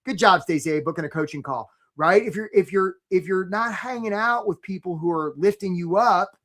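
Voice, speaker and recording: A man hosting a live career-coaching webinar, talking in an energetic, chatty way and often asking "right?". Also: high voice, brisk.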